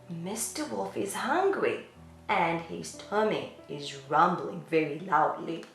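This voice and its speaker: A woman hosting a children's channel who reads a bedtime story in a playful, animated, sing-song way. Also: lowish voice, slow, vocal fry. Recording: echoey room with faint music.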